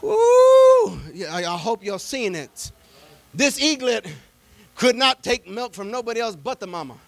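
A man preaching with a high voice, retelling a Bible story with lively animation. He acts out the people in the story as he goes and builds up to shouted praise. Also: moderate pace, no room sound. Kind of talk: sermon.

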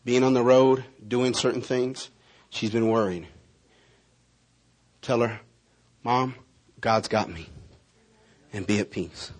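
A man preaching a sermon, speaking prophetic words over a congregation member and telling lively stories. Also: medium pitch, measured pace, pauses often. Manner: animated storytelling with prophetic declarations. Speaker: pastor.

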